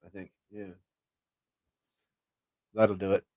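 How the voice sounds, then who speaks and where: A man's voice: fairly low pitch, level tone, takes it slowly, darkish tone, dry recording. A man co-hosting a casual live stream, joking and self-deprecating. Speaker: show co-host.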